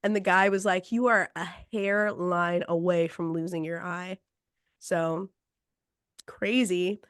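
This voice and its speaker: A woman's voice: fairly low pitch, fairly even intonation, slow, clear, resonant tone, no echo, clean studio sound. A woman podcast host casually telling a story, acting out quotes and laughing between lines.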